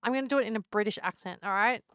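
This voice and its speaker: A woman's voice: medium pitch, very fast, a bit bright, dry recording, clean studio sound. A woman live streamer chatting casually with her viewers, giggling a lot and playfully teasing them.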